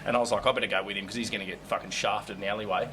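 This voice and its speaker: A man telling crude, animated stories in casual chat, swearing often. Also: fairly low pitch, rapid-fire, noisy background. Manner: animated, swearing often, bursts of loud laughter. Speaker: comedian guest. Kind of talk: casual storytelling.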